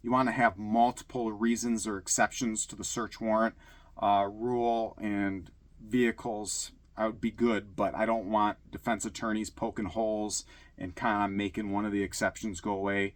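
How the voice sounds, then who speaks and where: A middle-aged former police officer from Michigan telling casual stories, acting out quotes with a raised voice. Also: male voice, lowish voice, moderate pace, no echo. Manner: animated, acts out shouted quotes in a raised voice. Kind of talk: casual storytelling.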